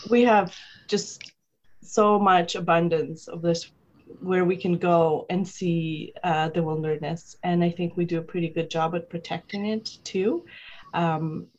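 A woman's voice: on the low side, steady tone, unhurried, a little mellow, muffled recording. A woman co-hosting a podcast, chatty and enthusiastic in her asides. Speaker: podcast co-host. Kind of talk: casual podcast conversation.

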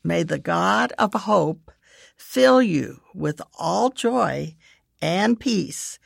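A middle-aged woman giving earnest devotional teaching, reading scripture verses in measured lists. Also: lowish voice, expressive, vocal fry, no room sound, clean studio sound. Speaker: devotional speaker and parent.

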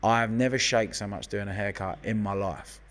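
Brief: London-accented man, thirties, low voice, sweary storyteller, long reverb in the room. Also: fairly even intonation, normal speed, fairly bright tone. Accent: London English. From London, England. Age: 30s. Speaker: guest hairdresser. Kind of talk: casual chat.

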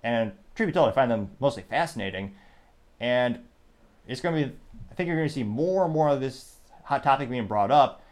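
A man's voice: medium pitch, animated, fairly quick, a little mellow. A man from the United States hosting a solo political commentary podcast, rambling and breaking off mid-sentence while reading listener comments aloud. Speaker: podcast host.

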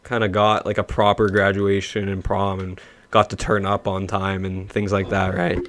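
Low-voiced young man chatting. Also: completely flat delivery, normal speed, a crowd in the background. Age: young adult. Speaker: podcast co-host. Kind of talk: casual chat.

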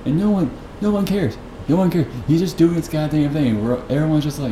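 Talking quickly in a voice on the high side, a male podcast host launches into a story that becomes a profane, meandering, incredulous rant. It's recorded on a podcast mic in an echoey space with noise behind him.

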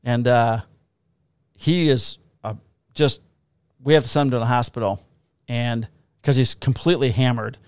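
A man's voice: medium pitch, steady tone, moderate pace, pauses often, darkish tone, clear, resonant tone, no echo. A man, a police officer, casually telling profane, laughing stories about his shifts. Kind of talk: casual storytelling on a podcast.

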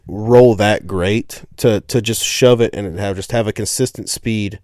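A man's voice: fairly low pitch, steady tone, a little slow, a little mellow, no echo, studio quality. A man hosting a casual podcast chat, telling rambling stories full of fillers. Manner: rambling storyteller, many fillers. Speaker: podcast host.

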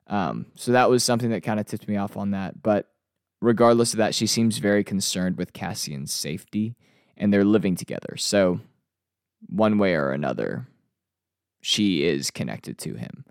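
A man talks through a TV episode review in a loose, chatty way, with plenty of ums and uhs. His voice sits low and carries a gravelly fry. The sound is dry and close. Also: animated, normal speed, no echo. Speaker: TV review host.

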